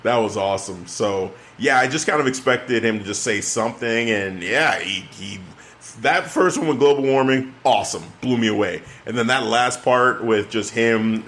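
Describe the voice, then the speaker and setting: A man's voice: mid-range voice, normal speed, a bit bright. Enthusiastic man chatting casually. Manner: enthusiastic, rambling with restarts. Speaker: podcast co-host. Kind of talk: casual wrestling chat.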